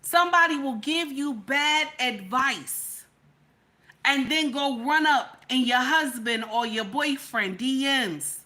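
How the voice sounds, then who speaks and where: Emphatic, bright-voiced woman telling a story. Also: sits high, takes it slowly. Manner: emphatic, keeps checking in with listeners. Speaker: vlogger giving relationship advice. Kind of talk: storytelling advice monologue.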